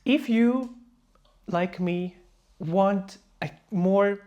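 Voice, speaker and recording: A man's voice: high voice, darkish tone. Emphatic man reviewing with playful mockery. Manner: emphatic, playfully mocking, acts out quick mock voices. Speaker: fragrance reviewer. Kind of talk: casual review vlog.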